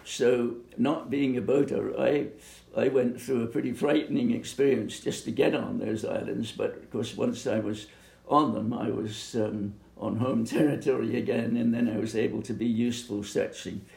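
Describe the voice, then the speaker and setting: An older man from Bermuda recalling his youth in an oral history interview, speaking haltingly with many pauses and fillers. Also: medium pitch, fairly even intonation, gravelly, a little mellow. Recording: echoey room.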